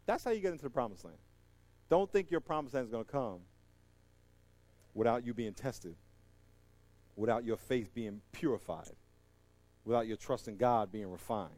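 A middle-aged male pastor preaching a sermon. He swings between loud, high exhortation and hushed closing prayer. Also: animated, normal speed, pauses often, no echo.

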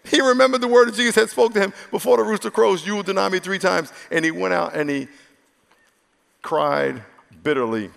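This pastor's voice is high, creaky, and fairly bright, moving at a slightly quick pace. He preaches a funny, chatty sermon to a live crowd, frequently voicing the people in his story. The recording carries the long echo of a big church hall.

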